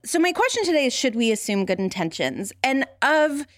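A woman with a fairly high voice talks candidly on a podcast, poking fun at herself and laughing as she tells personal stories. The recording is dry and close, with no room sound. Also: big pitch swings, a little fast, fairly bright tone, no echo. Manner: candid and self-deprecating, laughs while telling stories. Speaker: podcast co-host. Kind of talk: candid conversational podcast talk.

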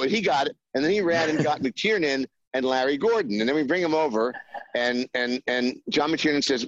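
A man's voice: mid-range voice, animated, no echo. Rambling man telling a story, muffled. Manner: rambling, halting with many fillers, acts out quoted voices. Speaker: screenwriter guest. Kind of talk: anecdotal interview storytelling.

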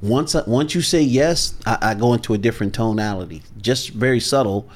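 A man talking as a sales coach guest in a podcast interview, measured, deliberate and authoritative. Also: medium pitch.

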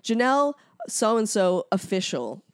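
A woman's voice: mid-range voice, measured pace, clear, resonant tone. A woman co-hosting a podcast in casual chat, describing online videos with mockery and acting out the voices in them. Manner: animated, mocking, acts out voices from videos. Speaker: podcast co-host.

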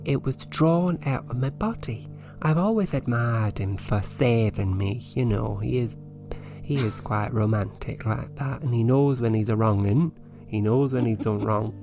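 A woman voicing an eccentric middle-aged psychic woman, rambling earnestly in a comedic reading. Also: rumbling low. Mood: confiding. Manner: rambling confessional, earnest, dry.

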